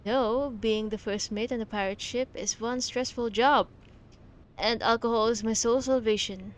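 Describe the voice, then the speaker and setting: A woman's voice: a little high, steady tone, moderate pace, a little hiss or hum. A woman streamer chatting casually over gameplay, gushing, with many fillers and giggles.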